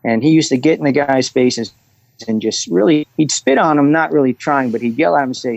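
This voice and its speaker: A middle-aged man talking as a guest on a podcast, telling anecdotes and getting animated when he quotes people. His voice comes through slightly dull and dry, with no room sound around it. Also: medium pitch, brisk, gravelly, dry recording. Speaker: guest, restaurant executive and coach. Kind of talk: conversational interview.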